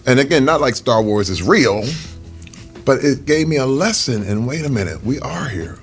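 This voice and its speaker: A man's voice: medium pitch, animated, normal speed, faint music behind. A man being interviewed over a meal, telling earnest, reflective stories. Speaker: interview guest.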